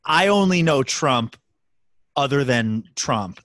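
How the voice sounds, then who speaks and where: A man co-hosting a casual podcast chat, teasing and animated, slipping into sung bits and mock voices. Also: medium pitch, slow, dry recording, clean studio sound. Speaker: podcast co-host.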